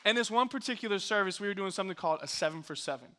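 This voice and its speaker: A young man, a youth pastor, telling a funny story in an energetic, joking sermon. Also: high voice, racing, slight background noise. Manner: hyped, joking, animated storyteller.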